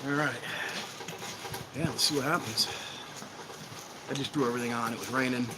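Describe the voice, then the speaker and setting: A man's voice: medium pitch, fairly even intonation, moderate pace. Breathless man streaming trains outdoors. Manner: rambling, self-deprecating, thinking aloud. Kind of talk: casual live-stream chat. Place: outdoors at a train station in rain. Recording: outdoor stream with clear background noise. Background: outdoor ambience, clear background noise.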